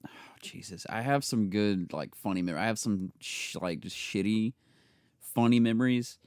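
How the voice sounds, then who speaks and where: A man's voice: lowish voice, moderate pace, clear, resonant tone, no room sound, clean studio sound. A young man co-hosting a podcast, telling crude work stories in casual chat, swearing freely and acting out the people in them. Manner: profane storyteller, bursts into loud laughing impressions. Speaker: podcast co-host.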